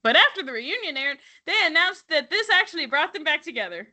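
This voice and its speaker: A woman's voice: high voice, very animated, brisk, sharp tone. A woman co-hosting a podcast, recapping reality TV in casual, sarcastic, profane chat. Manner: sarcastic, profane, laughing asides. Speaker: podcast co-host.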